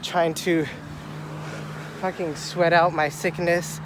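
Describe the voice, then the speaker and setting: A man's voice: on the high side, slow pace. Young guy w a cold, out of breath, rambly n swears a lot, phone vlog outside, light street noise. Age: young adult. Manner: excitable, rambling and profane. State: sick with a stuffy nose. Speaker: vlogger. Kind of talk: casual walking vlog. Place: outdoors on a city street. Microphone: phone held at arm's length. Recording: faint outdoor traffic noise. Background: faint street and traffic sounds.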